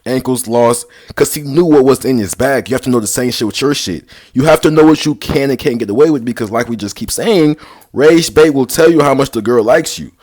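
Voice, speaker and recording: A man's voice: mid-range voice, fairly quick, a little mellow. A young man rambling casually through dating advice, slangy and sarcastic, full of basketball lingo. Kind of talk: casual vlog talk.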